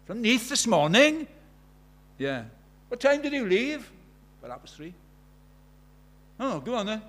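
A man's voice: high-pitched, very animated, moderate pace, fairly bright tone, voice pushed up. A man preaching puts on a flustered, rambling headmaster who hesitates and stumbles over his words. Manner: flustered, hesitant, full of ums.

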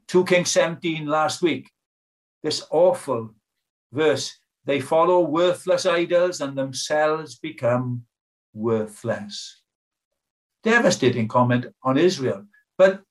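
A man's voice: on the high side, lively intonation, takes it slowly, pauses often. An older British man preaching a sermon in an earnest, pleading way, asking his hearers many questions.

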